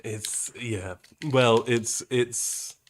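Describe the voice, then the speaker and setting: A man's voice: medium pitch, fairly even intonation, extremely slow, a little hiss or hum. A British man co-hosting a game stream, chatting in an easygoing, agreeable way. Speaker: streamer co-host. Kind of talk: casual chat.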